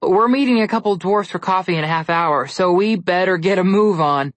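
A woman's voice: on the low side, fairly quick, dry recording, lightly acted. Woman doing a sarcastic, cautious young boy. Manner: dry, sarcastic, indignant remarks. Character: sarcastic, cautious boy, the girl's twin brother. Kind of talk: storybook reading.

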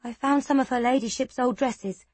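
A woman's voice: sits high, normal speed, darkish tone, slightly rough, dry recording, voice pushed up. A woman voicing a timid, anxious young maid in an audiobook, fearful and pleading. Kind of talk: audiobook character voice.

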